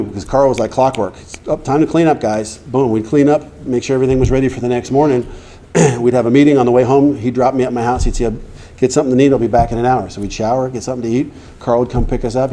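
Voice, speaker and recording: Mellow-voiced man telling his recovery story. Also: medium pitch. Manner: conversational storyteller, acts out quoted dialogue, frequent throat clearing. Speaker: recovery meeting speaker. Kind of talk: personal recovery story told to an audience.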